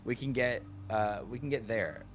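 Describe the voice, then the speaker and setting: A man's voice: medium pitch, moderate pace, slight background noise. A man streaming a video game, casually joking, swearing and riffing on tangents with his co-host. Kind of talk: casual let's-play banter.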